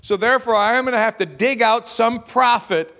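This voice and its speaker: A man's voice: extremely high pitch, a little fast, sharp tone, voice pushed up, full character voice. A male preacher voicing God, who gives solemn, emphatic declarations of judgment and intent. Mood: stern. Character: God speaking, stern and resolved.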